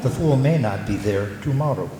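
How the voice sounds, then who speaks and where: An older man, a local historian and retired teacher, gives a reflective conference talk, pausing with fillers as he tells stories. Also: medium pitch, lively intonation, a crowd in the background. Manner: reflective storyteller, halting with fillers. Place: conference hall. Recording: echoey hall, faint room noise.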